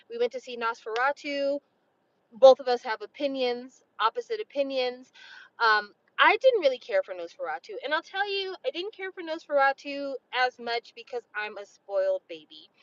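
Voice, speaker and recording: A woman's voice: high voice, highs cut off. A woman in her forties talking casually to camera, blunt and opinionated, swearing freely. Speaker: vlogger.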